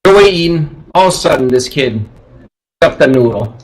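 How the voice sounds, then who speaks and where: Man guest, animated pitch, easygoing family yarn. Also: moderate pace, poor audio. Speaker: guest relative. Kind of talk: telling a family anecdote.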